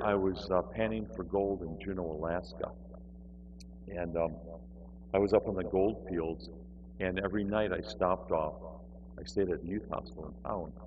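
A man telling a humorous personal faith story, self-deprecating and acting out the people in it. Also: low-pitched. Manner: animated, self-deprecating, acts out voices. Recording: muffled with faint hum.

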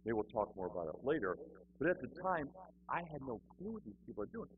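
A man's voice: mid-range voice, quick pace. A man telling a humorous personal faith story, self-deprecating and acting out the people in it. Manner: animated, self-deprecating, acts out voices. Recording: muffled with faint hum.

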